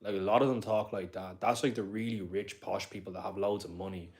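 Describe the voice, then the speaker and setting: Young dublin lad rambling on his live stream, lowish voice, chatting away to viewers. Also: fairly even intonation, brisk, darkish tone. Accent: Dublin Irish. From Ireland. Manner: rambling, talkative, reads viewer comments aloud. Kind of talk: casual live-stream chat.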